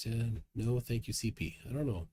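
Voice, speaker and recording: A livestream host chats casually and reads viewer comments aloud, chuckling in a lively way. He has a mid-range voice at normal speed, with background noise in the recording.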